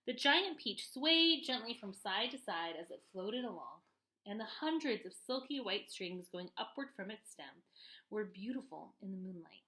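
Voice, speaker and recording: A woman reading a children's book aloud with expressive delivery and little asides to her listeners. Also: mid-range voice, normal speed, rough recording. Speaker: reader.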